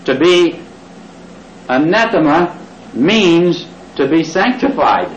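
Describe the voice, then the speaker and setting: A male preacher with a lively, swooping delivery, calling on his congregation to repeat words back and dropping jokey asides. He is heard from some way off in a roomy, echoey church, on a dull, lo-fi cassette recording with faint hiss. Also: fairly high pitch, slow pace, distant mic. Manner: interactive, has the congregation repeat words aloud. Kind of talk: sermon.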